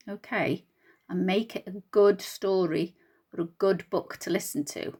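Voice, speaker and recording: A woman teacher giving a recorded reading lesson to young children, speaking slowly and clearly in an encouraging way and asking them questions. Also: medium pitch, steady tone, dark tone. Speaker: primary school teacher.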